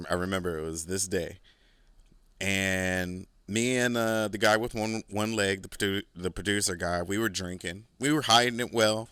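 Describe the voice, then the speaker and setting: A man's voice: sits low, fairly bright tone, smooth, dry recording. A man hosting his own podcast, telling a long story in a rambling, profane way with lots of "like" fillers and boastful asides. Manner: rambling and profane, heavy use of "like"; laid-back, boastful asides. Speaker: podcast host. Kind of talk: casual storytelling monologue.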